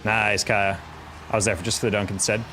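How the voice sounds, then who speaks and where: A man's voice: lowish voice, little pitch movement, fairly quick, pushed and bright, soft background music. A young man chatting casually on a live game stream, rambling and reacting to chat while he plays.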